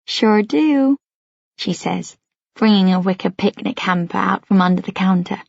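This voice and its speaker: A woman reading a first-person story aloud in a soft, measured narration. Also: on the low side, little pitch movement, gravelly, husky, no room sound, lo-fi sound. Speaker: audiobook narrator.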